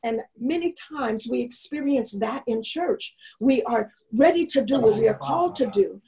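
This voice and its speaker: A woman's voice: fairly high pitch, lively intonation, moderate pace, warm tone, rough recording. A woman leading a church class in an online meeting, telling a story and earnestly exhorting her listeners.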